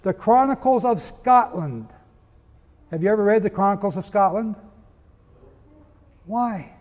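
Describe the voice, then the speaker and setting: A man's voice: high-pitched, lively intonation, a little slow, a little mellow. A man preaching and teaching, reading from old histories and firing questions at his listeners. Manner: emphatic, asks the audience questions. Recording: long reverb.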